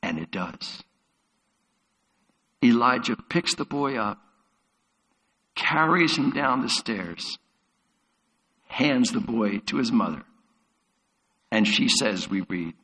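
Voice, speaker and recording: A man's voice: medium pitch, animated, slow pace, pauses often, bright, forceful tone. A man preaching a sermon as a pastor, retelling Bible stories vividly. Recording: long hall reverb.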